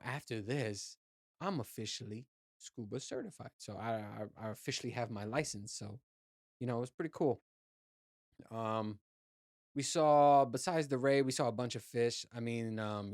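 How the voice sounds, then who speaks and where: A podcast host with a mid-range voice, recorded dry with studio quality, tells a rambling, profane story in a casual chat with his listeners, laughing at himself. He grew up in Puerto Rico, and his ears are still clogged after diving.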